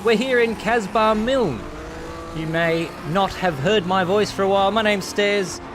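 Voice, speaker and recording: A man commentating a sim racing league race, lively and quick to laugh, on a desk microphone. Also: high-pitched, noisy background. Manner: lively, laughs often, excitable. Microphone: desk USB microphone. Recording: music playing behind.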